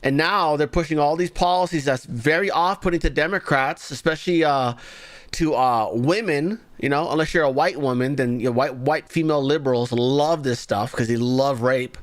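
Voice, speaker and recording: A man's voice: fairly high pitch, normal speed, no echo. Sarcastic man ranting on a live show. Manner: sarcastic, mocking. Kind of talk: ranting political commentary.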